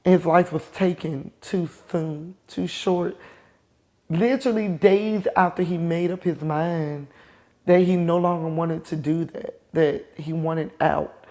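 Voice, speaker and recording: A middle-aged woman, a show host, gives a personal testimony in an emotional, halting way, with pauses and restarts. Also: on the low side, mellow. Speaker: host telling her own story.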